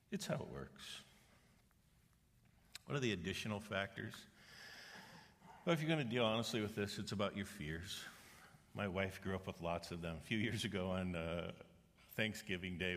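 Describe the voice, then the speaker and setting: This is a low-pitched, slightly bright male voice: a middle-aged pastor giving a sermon. Earnest in manner, he tells stories and acts out the people in them using quoted voices. The church auditorium lends a long, large-hall reverb.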